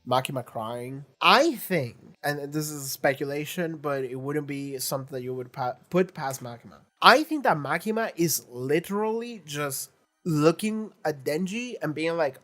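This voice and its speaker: A man's voice: on the high side, normal speed, soft background music. A man rambling through casual reaction commentary, retelling scenes and thinking aloud as he goes. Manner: animated storytelling, acts out quotes. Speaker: reaction video host.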